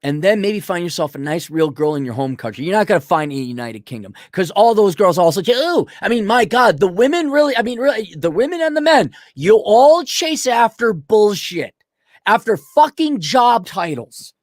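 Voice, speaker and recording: A man's voice: sits high, big pitch swings, normal speed, dry recording, clean studio sound. A middle-aged man hosting a ranting commentary, blunt, profane and mocking, with sarcastic put-on voices. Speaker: host.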